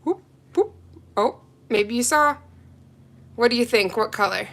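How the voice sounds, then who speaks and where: Woman doing a nail art livestream, kinda high voice, chatty, reads out viewer comments and answers them. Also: moderate pace, fairly bright tone. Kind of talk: casual livestream chat with viewers.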